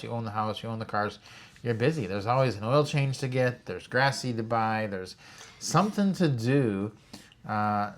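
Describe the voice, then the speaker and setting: A man co-hosting a travel vlog, steadily explaining things to the camera and listing examples one after another. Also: mid-range voice. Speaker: co-host of a retirement travel channel. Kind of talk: casual explanatory chat to camera.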